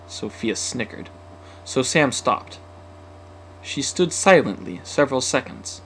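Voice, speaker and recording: A man narrating an alliterative tongue-twister story with lively, expressive delivery. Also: medium pitch, slow pace, slight background noise.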